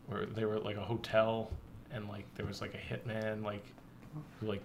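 A man's voice: lowish voice, monotone, moderate pace, vocal fry. Brief: a man in casual banter, full of fillers and loose swearing, with a faint hiss behind him. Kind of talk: casual chat.

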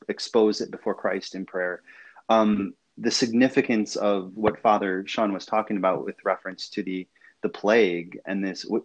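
A man hosting a discussion, talking casually and hesitantly, often repeating words. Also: on the low side. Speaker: host.

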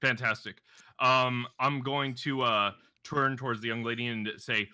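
A man's voice: medium pitch, fairly even intonation, moderate pace, sharp tone. A man playing a character in a tabletop role-playing game, talking theatrically in character. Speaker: player. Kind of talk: tabletop role-play chat.

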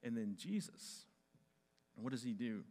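A man preaching a sermon to a congregation, dramatizing Bible stories with animated shouts. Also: medium pitch, measured pace. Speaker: pastor.

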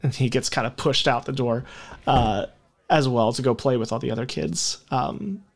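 A man serving as game master, narrating the scene in a relaxed, hesitant way with frequent fillers. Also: medium pitch, normal speed, gravelly.

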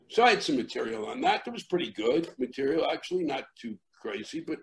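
A middle-aged man, a comedian, telling a rambling story in conversation with many fillers and restarts, acting out shouting crowds. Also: medium pitch, normal speed, gravelly. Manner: animated, acts out shouting crowds. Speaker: comedian guest.

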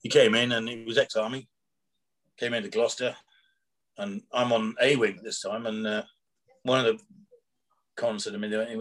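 A man's voice: mid-range voice, a little fast, pauses often, fairly bright tone. A man, a former prison officer, telling rambling anecdotes in casual chat, acting out quoted dialogue with chuckles.

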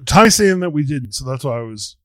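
A man's voice: medium pitch, big pitch swings, a little fast, a bit bright, no echo, low-quality recording. A man hosting a casual online chat show, rambling and chuckling as he talks. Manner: laid-back, chuckling, rambling. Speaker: podcast host.

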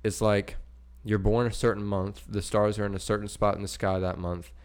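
Young male host, lowish voice, relaxed, runs the listener topics. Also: normal speed, smooth. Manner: laid-back, explains topics loosely. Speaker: podcast host. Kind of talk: casual chat.

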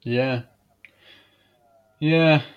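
A man's voice: mid-range voice, steady tone, extremely slow, smooth, dull audio. A young English man co-hosting a casual podcast chat, laid-back and laughing along, swearing now and then. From England. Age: young adult. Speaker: podcast co-host.

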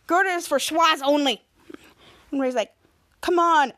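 A woman's voice: high-pitched, moderate pace, a bit bright, no echo, studio quality. A woman podcast host casually recapping a TV episode, retelling scenes with lots of quoted lines.

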